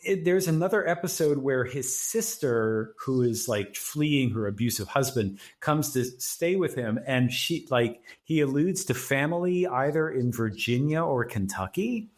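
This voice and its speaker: Chatty guy on a podcast, mid pitch, rattling off old tv trivia. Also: animated, measured pace, few pauses. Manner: chatty, recounting trivia with quoted lines. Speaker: podcast co-host. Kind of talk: casual chat about old TV.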